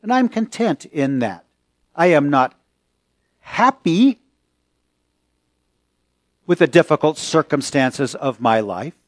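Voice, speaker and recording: A male pastor preaching a sermon, slow and deliberate, with pauses and rising emphasis. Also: on the high side, big pitch swings, no echo.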